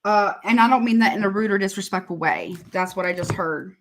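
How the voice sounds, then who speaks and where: A woman with a mid-range voice talks fairly quickly as she gives a casual live tarot reading. She's chatty and repeats herself, calling her viewers honey.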